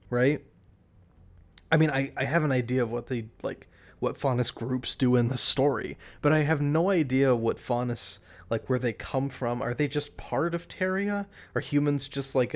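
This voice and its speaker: A man streaming live, chatting casually in a rambling way, restarting his sentences and laughing at himself. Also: mid-range voice.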